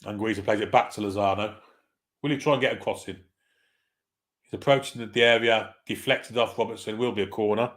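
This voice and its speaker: A man hosting a live football watchalong, calling the play in a relaxed, wry way and chatting with viewers. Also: fairly low pitch, a little fast. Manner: laid-back, chatty, wry. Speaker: watchalong host. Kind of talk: casual live match commentary, reading chat.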